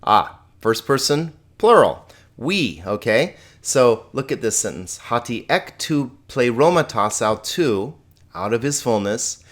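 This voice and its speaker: A man teaching a recorded grammar lesson, friendly, repeating forms slowly and asking students questions. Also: medium pitch, big pitch swings. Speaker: Greek teacher.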